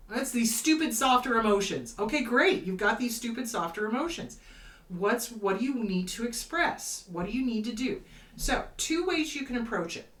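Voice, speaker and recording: A woman therapist talks through her advice with lively, swooping pitch and emphatic stresses. Her voice sits a little back from the mic in a roomy, echoing space, and she slips into quick acted-out voices as she explains. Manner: animated, emphatic, acts out quoted voices. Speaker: therapist host. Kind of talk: casual advice talk. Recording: roomy echo, slightly distant from mic.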